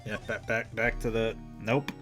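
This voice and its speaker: A man's voice: lowish voice, little pitch movement, moderate pace, fairly bright tone, soft background music. A young man voicing a game's dialogue, with jokey, self-mocking asides. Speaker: let's play voice actor. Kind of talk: game playthrough with voiced dialogue.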